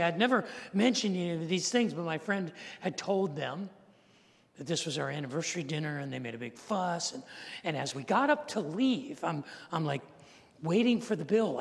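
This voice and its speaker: A man's voice: a little high, gravelly. A man in his sixties, a pastor, telling a story in a sermon and acting out the people in it. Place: church sanctuary. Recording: long reverb of a large church hall.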